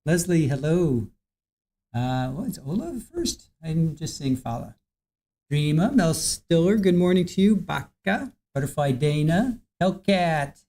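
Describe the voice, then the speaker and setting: This is a livestream host in casual chat, easygoing and chatty, working through viewer names one after another. The voice is mellow and dark, sitting at a middle pitch. The delivery is relaxed and unhurried.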